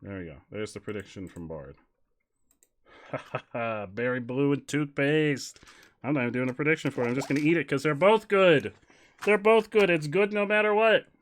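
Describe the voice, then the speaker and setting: A man chatting on a live stream in an average-pitched voice. He rambles and jokes his way through a made-up story, often dropping to a mumble before bursting out loudly. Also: normal speed, a little hiss or hum. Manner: jokey, rambling, swings from mumbling to loud bursts. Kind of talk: casual live-stream chat and improvised storytelling.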